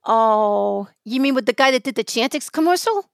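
Chatty higher-pitched woman co-host. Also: normal speed, gravelly, dry recording. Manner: chatty, animated storyteller, lots of restarts. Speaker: podcast co-host. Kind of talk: casual chat.

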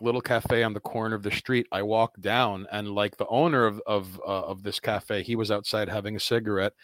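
An American man telling stories on a podcast, animated and profane, filling pauses with likes and ums. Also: fairly low pitch, dry recording. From United States. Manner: animated storyteller, profane, many fillers. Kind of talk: casual conversation.

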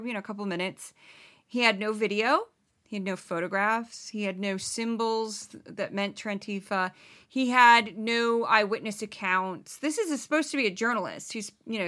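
A woman's voice: fairly high pitch, bright, forceful tone. A woman hosting a podcast, giving sarcastic, exasperated satirical news commentary. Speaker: podcast host.

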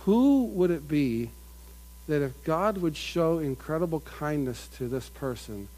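A middle-aged man preaching in a slow, deliberate sermon cadence. His voice sits fairly high for a man and swells with emphatic stress before falling back to quiet, earnest remarks. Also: animated, rough recording. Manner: earnest, builds up with rising emphasis, mimics crowd voices.

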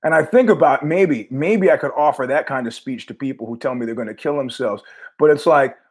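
A man's voice: medium pitch, a little fast, husky. Blunt, profane male storyteller. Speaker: host. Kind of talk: casual storytelling monologue.

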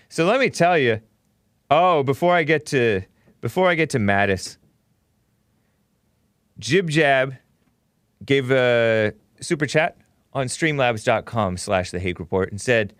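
A man's voice: mid-range voice, animated, a little slow, long pauses, a bit bright, dry recording, clean studio sound. A man hosting a call-in talk show, chatting casually, laughing often and reading viewer messages aloud. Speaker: host.

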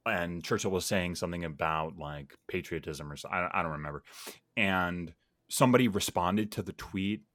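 Low-voiced man musing in podcast chat. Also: moderate pace, a bit bright, no echo, clean studio sound. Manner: reflective, earnest, musing aloud with many fillers. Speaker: podcast guest or host.

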